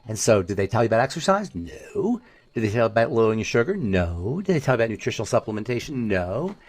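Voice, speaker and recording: Animated male podcast host. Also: lowish voice, quick pace. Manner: animated, storytelling, preachy rhetorical questions. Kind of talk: casual health podcast chat.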